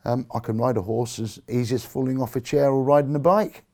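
A man's voice: mid-range voice, fairly even intonation, brisk, a little mellow. A man, a blind army veteran, telling his own story in earnest, emotional terms and acting out the dialogue he remembers. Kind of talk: personal storytelling talk.

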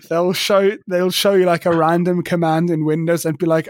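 A man's voice: high-pitched, wildly swooping pitch, measured pace, pauses often, a bit bright, dry recording, clean studio sound. A man co-hosting a casual tech podcast, ranting and swearing with sarcastic asides. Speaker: podcast co-host.

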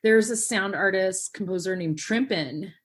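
A woman's voice: mid-range voice, unhurried. A woman hosting a podcast in casual chat, telling stories animatedly with lots of fillers. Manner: animated storyteller, many "like" and "um" fillers. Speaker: podcast host.

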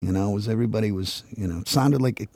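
A man's voice: on the low side, fast talker, a little mellow, dry recording. A man, a podcast guest chatting casually and rambling through stories. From Boston area. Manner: rambling storyteller, trails off mid-sentence. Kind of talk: casual chat.

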